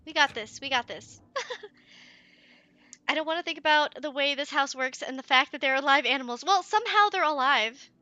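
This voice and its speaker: A woman giving let's play commentary, excitable and giggly, chatting to her viewers and cooing at in-game pets. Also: sits high, normal speed, dry recording, muffled recording.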